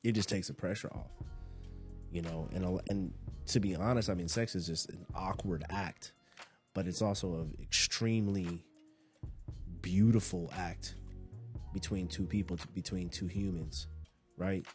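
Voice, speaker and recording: A man's voice: deep voice, steady tone, measured pace, long pauses, a little mellow, soft background music. A man hosting a podcast, giving a casual motivational monologue in a laid-back, rambling way, often repeating and restarting his phrases. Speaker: podcast host.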